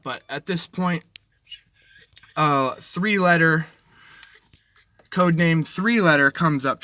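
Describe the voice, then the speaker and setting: A man's voice: on the high side, pushed and bright. A man livestreaming from inside a vehicle, telling a story in a rambling, shaky way, full of restarts and self-corrections. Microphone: dashboard camera.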